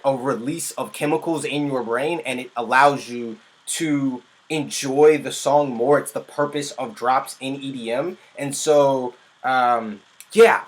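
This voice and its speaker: A man who works as a music producer, giving casual reaction commentary on a music video in an excitable, rambling way and often breaking off mid-sentence. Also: mid-range voice.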